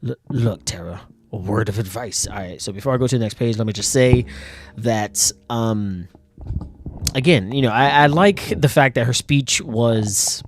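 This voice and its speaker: A man's voice: mid-range voice, normal speed. A man casually talking about and reading from his own comic, rambling with many fillers and frequent laughs while bothered by his nose. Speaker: comic artist and channel host.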